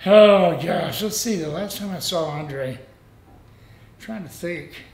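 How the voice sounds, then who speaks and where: A man's voice: high-pitched, slow, gravelly, darkish tone. Man in his 60s, laughs a lot, reverberant room. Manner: rambling, salty, laughs often. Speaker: retired pro wrestler, guest. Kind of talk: casual storytelling.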